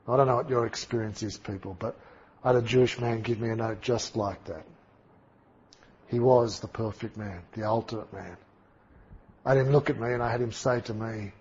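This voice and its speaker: Man giving a sermon, big dramatic swings loud to quiet, husky voice, muffled lo-fi sound. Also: mid-range voice, fairly quick. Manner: dramatic, emphatic storytelling with big swings in volume. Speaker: preacher.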